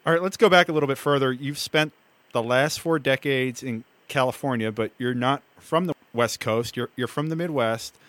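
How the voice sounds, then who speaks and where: A man's voice: mid-range voice, normal speed, a bit bright, no echo. A man hosting an interview, asking conversational, prompting questions.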